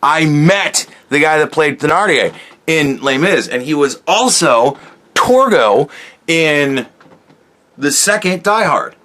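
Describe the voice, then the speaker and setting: A man's voice: a little high, lively intonation, slow. Rambling, profane man ranting. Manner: rambling, profane, self-interrupting, swings from loud outbursts to mutters. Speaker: podcast host. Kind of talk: casual monologue.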